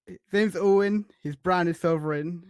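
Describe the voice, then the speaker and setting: A man's voice: sits high, moderate pace, smooth. A man chatting casually as a guest, joking and laughing a lot. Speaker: guest team captain's teammate. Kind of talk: casual chat.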